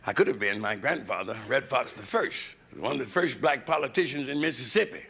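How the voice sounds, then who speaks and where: A man's voice: medium pitch, lively intonation, fairly quick, gravelly, a bit bright. An American male comedian doing crude, conversational nightclub stand-up and working the crowd from a hotel stage, on a noisy 1970s live VHS tape. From United States.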